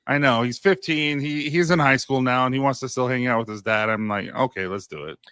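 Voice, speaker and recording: A man's voice: mid-range voice, fairly quick, sharp tone, smooth, no room sound, studio quality. A man in his forties co-hosting a podcast, telling easygoing stories about his kids with a chuckle. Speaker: podcast co-host. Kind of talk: casual chat.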